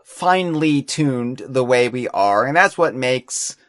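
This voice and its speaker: A man's voice: mid-range voice, slow, no room sound, clean studio sound. Chatty rambling male podcast host. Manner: rambling, self-deprecating, animated. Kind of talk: casual podcast chat.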